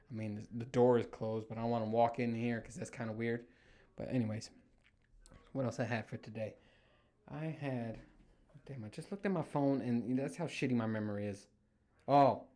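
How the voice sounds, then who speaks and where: A man in his thirties hosting a casual solo podcast from a room in his home, telling stories with lots of swearing and acting out what people said. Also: medium pitch. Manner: animated storytelling, heavy swearing, acts out quotes. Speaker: podcast host.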